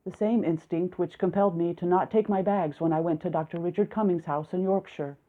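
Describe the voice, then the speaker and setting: A woman with a lowish voice reads a first-person story aloud, steady and reflective. The recording is narrow and tinny, like a phone line. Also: brisk. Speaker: audiobook narrator. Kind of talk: audiobook narration of a first-person male narrator.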